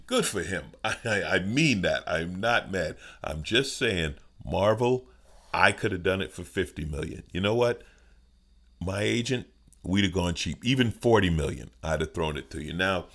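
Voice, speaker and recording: A middle-aged man with a smooth voice, hosting his own podcast as a joking, conversational comedic monologue. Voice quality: smooth deep voice. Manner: joking, conversational, playful asides.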